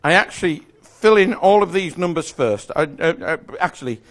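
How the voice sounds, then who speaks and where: A man's voice: on the high side, lively intonation, normal speed. A man giving a live magic lecture to an audience, explaining step by step in a chatty, self-correcting way with small jokes.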